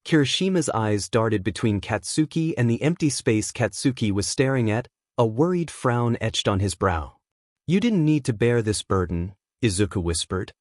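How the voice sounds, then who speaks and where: A man reading fan fiction aloud as narrator, in a steady storytelling manner. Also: lowish voice, no room sound, studio quality.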